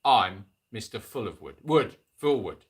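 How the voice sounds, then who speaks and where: A man voicing a retired older city gentleman who speaks politely but drops "bloody" into his lines, reading from a storybook. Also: on the low side, big pitch swings, takes it slowly, voice pushed down.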